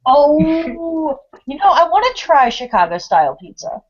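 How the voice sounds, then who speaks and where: A woman's voice: medium pitch, big pitch swings, moderate pace, slight background noise. Playful woman with muffled audio. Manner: playful, light-hearted. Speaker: podcast co-host. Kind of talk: casual chat.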